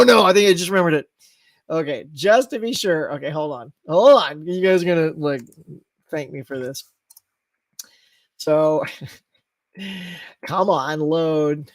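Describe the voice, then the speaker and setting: A middle-aged man hosts a live stream, reading out viewer comments as he chats. He talks in an animated way and now and then breaks into loud acted-out outbursts. His voice sounds dry and close, with no room around it. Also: high voice, no room sound. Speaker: host.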